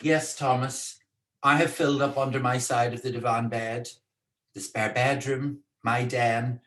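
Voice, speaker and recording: A man's voice: medium pitch, flat delivery, a little slow, a bit bright. A man hosting a casual live-streamed talk from home in a chatty, playful, teasing way. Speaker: co-host and speaker. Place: indoors at home.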